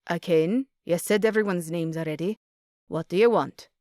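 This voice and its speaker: Brief: woman reading as a surly Scottish publican, low and curt, dry close sound. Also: moderate pace, warm tone, no room sound, close to an everyday voice. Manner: suspicious, curt, Scots dialect words. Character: gruff guarded Scottish male pub owner.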